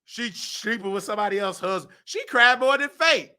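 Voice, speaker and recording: Guy hosting his show, high voice, super bright, preachy, keeps breaking into song. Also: normal speed, clear, resonant tone. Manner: animated, preachy, breaks into singing. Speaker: host. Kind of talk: casual commentary with sung and recited lyrics.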